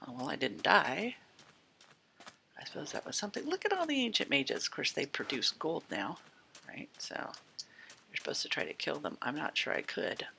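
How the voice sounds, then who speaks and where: A woman's voice: low-pitched, huge pitch swings, normal speed, vocal fry, sharp tone, slight background noise. A woman giving casual let's-play commentary, chatting to the game's characters and slipping in and out of half-whispers. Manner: chatty, talks to game characters, drifts in and out of whispers. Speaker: gameplay host.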